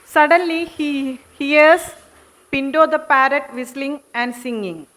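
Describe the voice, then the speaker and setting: Woman telling a kids puppet show story, high voice, slow and clear. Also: fairly bright tone. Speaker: narrator. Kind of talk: children's puppet show narration.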